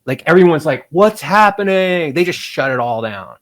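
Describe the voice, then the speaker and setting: A middle-aged man, a game developer as interview guest, telling animated stories and acting out quotes in voices. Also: mid-range voice, a little fast. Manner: animated, acts out quotes in voices, laughs often. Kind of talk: casual storytelling interview.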